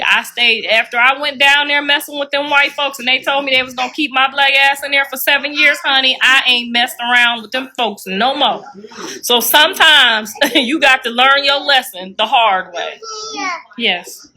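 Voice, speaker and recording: Woman, middle-aged, froggy Kermit-like voice, high-pitched, casual livestream chat, animated. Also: normal speed. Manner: animated, chatty, laughs often, talks to viewers as y'all. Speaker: livestreamer and mother.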